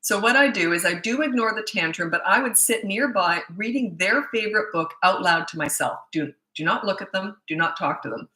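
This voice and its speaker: A woman's voice: mid-range voice, lively intonation, brisk, few pauses, sharp tone, roomy sound, poor audio. A middle-aged woman parenting coach answering viewer questions in a blunt, emphatic way, often restarting her sentences.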